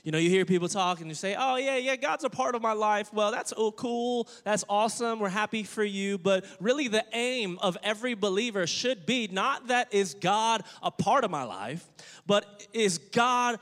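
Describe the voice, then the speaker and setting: A man preaching a sermon as pastor, energetic and joking, calling on the congregation to respond. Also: high voice, moderate pace. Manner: jokey, playful asides. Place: church sanctuary. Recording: long church-hall reverb.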